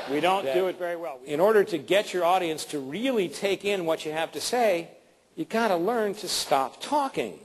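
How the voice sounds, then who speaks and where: A man teaching presentation skills in a live seminar, animated and jokey, acting out examples for his audience. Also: high voice, normal speed, slight background noise. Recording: long hall reverb.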